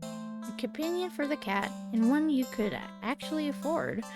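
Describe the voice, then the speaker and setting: A woman in her twenties reading a text game aloud while she plays, with small slips and quick self-corrections. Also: sits high, lively intonation, loud music behind the voice. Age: 20s. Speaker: gaming video creator.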